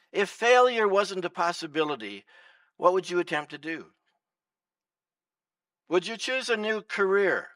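Pastor, male, preaching in church, bright sharp tone, mic a bit far but dry, swings loud to hushed. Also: high voice, no echo. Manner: animated, swings between loud emphasis and soft hush. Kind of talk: sermon.

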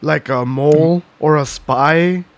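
A man co-hosting a casual podcast, his voice sitting a little high. He rambles through stories and swears freely, breaking into laughter between thoughts. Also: slow, dry recording. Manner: profane, rambling, laughs often. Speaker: podcast co-host. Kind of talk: casual chat.

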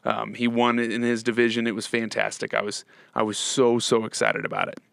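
A slightly hoarse man hosting a casual live podcast, talking in halting bursts full of repeats and restarts. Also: medium pitch, completely flat delivery, a bit bright, dry recording, clean studio sound. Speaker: podcast host.

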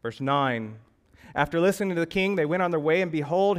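A man with a fairly high voice delivers a sermon. He moves from ringing emphasis to near-hushed lines as he puts rhetorical questions to his listeners. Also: a little fast, smooth. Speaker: pastor.

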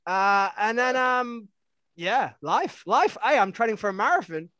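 Man, high-pitched, chatty and rambling, dry close sound. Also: expressive, a little slow, bright, forceful tone, no room sound. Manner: chatty, rambling, self-mocking. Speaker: podcast co-host. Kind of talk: casual podcast chat.

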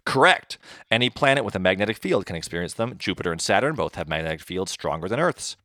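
A man's voice: deep voice, big pitch swings, quick pace, bright, forceful tone, dry recording, clean studio sound. A man hosting a podcast quiz, explaining trivia answers in a chatty way with lots of fillers. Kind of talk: casual chat.

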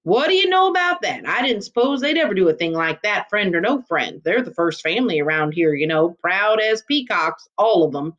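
A woman's voice: fairly low pitch, expressive, normal speed, few pauses, a bit bright, muffled recording. A woman voicing a chatty, folksy small-town male constable with a rural drawl. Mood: amazed.

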